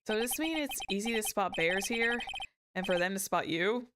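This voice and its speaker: A woman's voice: mid-range voice, expressive, normal speed, noisy background. A woman streaming a game, reading its text aloud and chatting with jokey asides. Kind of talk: casual let's-play commentary. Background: game music.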